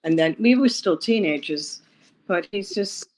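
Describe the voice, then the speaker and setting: A woman from Long Island, New York, recounting her past in an interview, with a halting, rambling, emotional way of telling it. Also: medium pitch, animated, poor audio. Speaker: interview guest. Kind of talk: personal storytelling interview.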